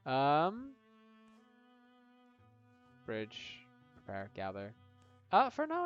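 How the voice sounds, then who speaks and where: A man casually narrating a tabletop-style game on a live stream, pausing often and asking his viewers for ideas. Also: on the high side. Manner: hesitant, lots of ums, chatty with viewers. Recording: dull lo-fi audio with faint game music.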